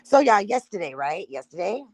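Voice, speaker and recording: A woman's voice: medium pitch, very animated, normal speed, darkish tone, no echo. Blunt, profane woman livestreaming to her chat. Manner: loose and unprepared, stops to fumble with things. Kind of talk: casual livestream talk to chat.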